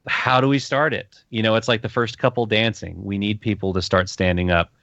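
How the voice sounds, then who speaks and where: A man's voice: fairly low pitch, fairly even intonation, brisk, fairly bright tone, dry recording. A man co-hosting a gaming podcast in casual chat, earnest and rambling, often repeating his phrases. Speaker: podcast co-host. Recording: dull lo-fi mic.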